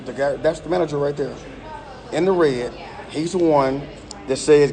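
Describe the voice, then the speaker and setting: A middle-aged man vents into a phone live stream from inside a gym. He talks in a heated, emphatic way and circles back to the same points again and again. His voice sits a little higher than most men's. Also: brisk, a little mellow. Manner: angry, emphatic, repeats himself. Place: indoor gym.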